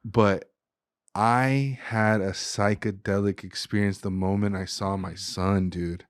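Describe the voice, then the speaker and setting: Young male guest, relaxed and heartfelt, slangy storyteller; lower voice, dry studio sound. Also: slow, smooth, no echo. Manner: casual, says "dude" and "like" often. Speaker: guest, chef and restaurant owner. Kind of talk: emotional personal storytelling.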